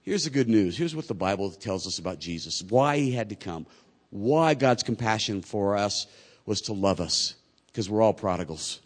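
Male pastor, sermon, hushed to loud, conversational preaching, acted quotes of people. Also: on the low side, lively intonation, moderate pace.

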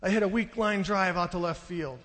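A man preaching a sermon to a congregation, telling a story with animated, excited delivery. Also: sits high, fairly quick. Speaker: pastor. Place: church sanctuary. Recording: long hall reverb.

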